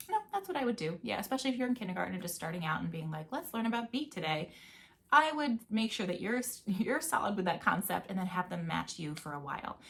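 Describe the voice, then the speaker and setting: A woman's voice: fairly low pitch, fairly bright tone, slight background noise. Upbeat woman music teacher. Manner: chatty and upbeat, chanting rhythm words. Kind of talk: casual video lesson.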